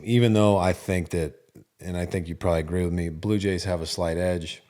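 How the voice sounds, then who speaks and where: A man's voice: sits low, steady tone, fairly quick, a little mellow. A man co-hosting a baseball podcast, talking in a laid-back way with many fillers. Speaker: podcast co-host. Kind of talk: casual sports podcast chat.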